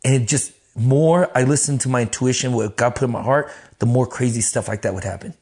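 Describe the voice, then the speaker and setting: Guy in an interview telling wild stories, curses a lot, jumps into voices for the people he quotes, mid pitch. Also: a little fast. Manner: animated, profane, acts out quoted voices. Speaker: guest. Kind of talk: casual storytelling in an interview.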